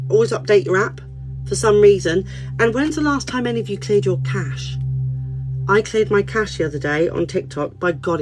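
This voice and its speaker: A woman who works as a spiritual counsellor, chatting and telling stories on a phone livestream in an animated, casual way and swearing freely. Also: deep voice, poor audio. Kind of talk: casual livestream chat and storytelling. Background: soft background music.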